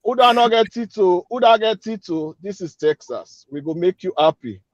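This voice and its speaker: A man's voice: high-pitched, expressive, moderate pace, no echo, muffled recording. A man with a Sierra Leonean Krio accent, an event organizer giving an upbeat, persuasive interview and repeating his calls to act. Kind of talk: radio interview guest.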